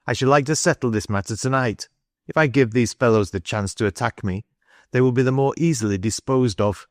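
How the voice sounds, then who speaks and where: A man's voice: medium pitch, fairly quick, no room sound, close to an everyday voice. A man voicing a determined young engineer in an audiobook, in a firm, resolute manner close to his own voice.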